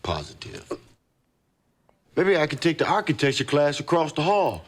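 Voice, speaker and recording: A man's voice: a little high, moderate pace. An actor playing a cocky, affectionate handyman who teases playfully in a sitcom. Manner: teasing, playful, expressive. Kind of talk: 1990s sitcom acting.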